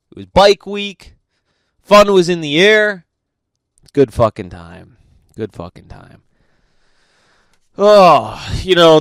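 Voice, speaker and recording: A man's voice: medium pitch, fairly bright tone, clean tone, no room sound. A man hosting a podcast, delivering a casual comedic rant full of profanity and exasperated questions. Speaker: podcast host.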